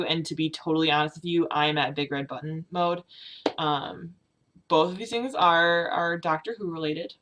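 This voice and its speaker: A young woman vlogging about her feelings, on the verge of tears, talking haltingly with many fillers and restarts. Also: sits low, a bit bright. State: tearful, on the verge of crying. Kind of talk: personal confessional vlog.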